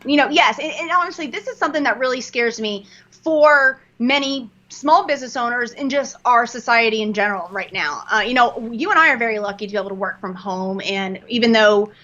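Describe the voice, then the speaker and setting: A middle-aged woman from the American East Coast talks as an interview guest, her slightly high voice bright and forceful. She goes on passionate rants, and her audio comes through dull and lo-fi. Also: a little fast. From East Coast of the United States. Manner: passionate, ranting. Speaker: guest, lawyer and entrepreneur. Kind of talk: interview conversation.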